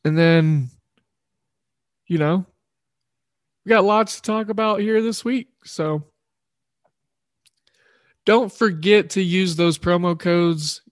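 A man's voice: high-pitched, takes it slowly, long pauses, no room sound, clean studio sound. A man hosting a sports betting show, rambling loosely through picks and correcting himself as he goes. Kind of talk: casual sports betting talk.

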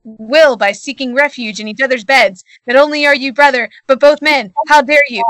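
A woman's voice: high-pitched, normal speed, a bit bright, no room sound, low-quality recording. A woman voicing a self-righteous chipmunk boy who scolds his brothers in a preachy, indignant way over a video call.

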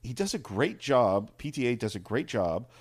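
A man's voice: mid-range voice, sing-song, moderate pace, breathy edge. Eager man talking films, stumbling restarts. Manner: enthusiastic, repeats words while searching for them. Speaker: film podcast co-host. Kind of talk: casual film discussion.

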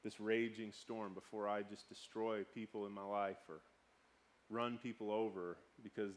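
A male pastor in his thirties preaching a conversational sermon, swinging between sudden loud outbursts and quiet, hushed passages. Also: fairly low pitch, level tone, moderate pace, slight background noise.

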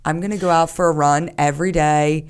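A woman's voice: sits low, fairly even intonation, a little fast, smooth. A woman, a podcast guest, talking candidly in a casual conversation, with many fillers. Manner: candid, talks openly about her anxiety with many fillers.

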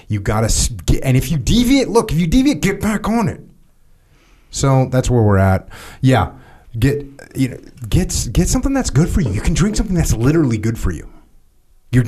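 A man's voice: mid-range voice, a little mellow. A man hosting a podcast, talking casually and emphatically about sponsor products, repeating phrases for emphasis and joking. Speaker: podcast host. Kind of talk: casual chat with sponsor reads.

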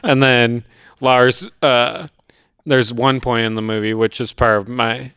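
A young man co-hosting a movie podcast, recapping scenes in a relaxed storytelling way. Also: mid-range voice, measured pace, clear, resonant tone, no room sound, studio quality. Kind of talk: casual chat.

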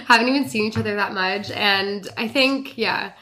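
A woman hosting a casual podcast chat, her voice stuffed up from a cold, chatty and quick with laughs and fillers. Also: medium pitch, sharp tone. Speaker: podcast host.

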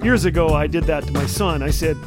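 An older man hosting a radio show, delivering a humorous monologue as playful storytelling with quick punchlines. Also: fairly high pitch, loud music behind the voice.

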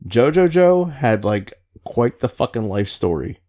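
Male storyteller, casual podcast, profane and lively, wide pitch swings. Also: measured pace. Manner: profane, animated storytelling with laughter. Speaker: storyteller recalling Navy service.

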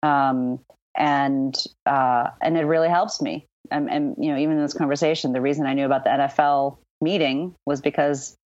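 A woman's voice: rumbling low, fairly even intonation, normal speed, a little mellow, dry recording. A woman guest author answering podcast interview questions thoughtfully, with many ums and restarts. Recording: dull, dry lo-fi sound.

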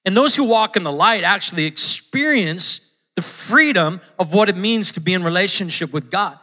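Speaking at normal speed, this pastor has a high-pitched, expressive, bright voice with a forceful tone. His conversational sermon in a church auditorium is full of restarted sentences and acted-out quotes.

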